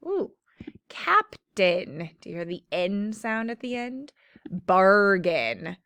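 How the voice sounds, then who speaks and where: A woman teacher giving a slow, clear phonics lesson to children, stretching out the sounds of words. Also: mid-range voice, big pitch swings, fairly bright tone, no echo.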